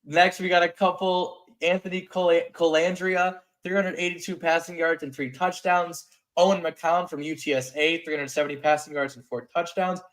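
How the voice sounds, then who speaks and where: A man co-hosting a casual sports chat show, reading through stats in a quick list. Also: on the high side, steady tone, a bit bright. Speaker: co-host.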